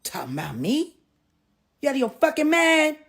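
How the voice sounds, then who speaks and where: A middle-aged woman rants live on a stream, cursing freely and cutting into her targets. Her pitch leaps and dips all over the place, sitting a touch higher than most women's. She drops from sharp jabs to tired, low muttering. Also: wildly swooping pitch, moderate pace, creaky. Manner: profane, cutting, swings between shouting and weary muttering. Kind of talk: heated live rant.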